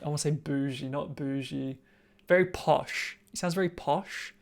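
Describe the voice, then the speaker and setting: Australian man, casual stream chatter, a bit of fry in the voice. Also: a little high, normal speed. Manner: chatty, swearing, thinking out loud, reacting to a video. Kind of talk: casual live-stream chat.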